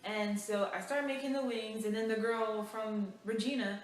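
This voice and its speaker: A young woman vlogger telling a storytime in an animated, chatty way, full of fillers. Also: on the high side, moderate pace. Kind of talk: casual storytime. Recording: echoey room, mic far off.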